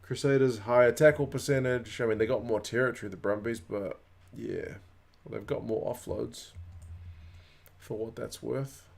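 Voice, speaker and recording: A man's voice: mid-range voice, fairly even intonation, moderate pace, creaky. A man, hosting a casual rugby watch-along stream and chatting with viewers. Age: 30s. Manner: chatty, reacting to live chat comments. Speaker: livestream host.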